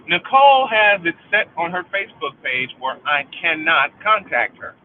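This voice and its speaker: A middle-aged man hosting a livestream vents in an angry, profane monologue, repeating lines for emphasis. His voice sits high, and the tinny, phone-like recording carries a little hiss or hum.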